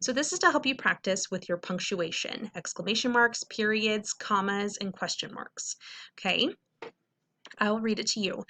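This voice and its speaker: Woman, teacher, bright voice, patient, clear, checks in often, middle-school reading lesson. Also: medium pitch, normal speed. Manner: clear, patient explaining with frequent "okay?" checks.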